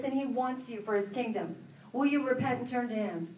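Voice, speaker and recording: A woman minister preaching a sermon, telling a story in an animated way and acting out the dialogue. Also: a little high, fairly quick, slight background noise. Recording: roomy, distant, dull sound.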